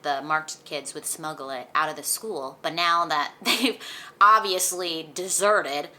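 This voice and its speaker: A young woman chatting through a book recap for her vlog, animated and full of "like", recorded at home. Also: sits low, a little hiss or hum. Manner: chatty, animated retelling with lots of "like". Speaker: book vlogger. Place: indoors at home, sunlight on her face.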